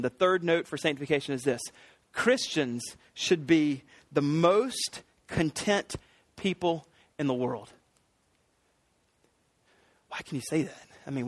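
High pitched guy preaching, earnest and punchy, dry sound no room. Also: dry recording. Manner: earnest, emphatic preaching with rising excitement. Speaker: pastor. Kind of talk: sermon.

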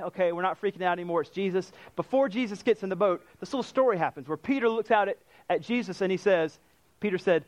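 Animated male preacher, dry close sound. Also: sits high, fast talker, no echo. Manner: animated, acts out quoted lines. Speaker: pastor. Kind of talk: sermon.

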